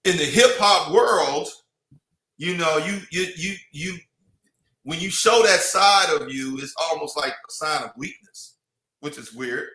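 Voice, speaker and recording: Bright, high-ish man rambling in an echoey room. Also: expressive, measured pace. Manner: rambling, lots of restarts and "you know". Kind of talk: casual chat.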